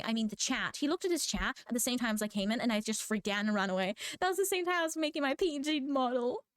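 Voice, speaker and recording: A teenage girl ranting as a vlogger, telling stories in an animated, rambling way that keeps correcting itself. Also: high voice, no echo, clean studio sound. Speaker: VTuber vlogger. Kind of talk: rambling rant.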